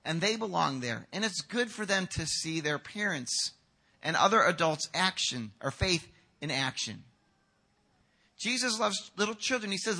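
A man preaching a sermon as pastor, animated and acting out quotes. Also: sits high, moderate pace, breathy edge. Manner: animated, acts out quotes with shouts. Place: church hall.

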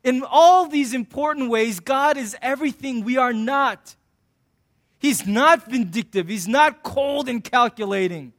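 High-voiced pastor preaching with humor. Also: male voice, unhurried, fairly bright tone. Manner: conversational and joking, acting out little scenes. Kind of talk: sermon.

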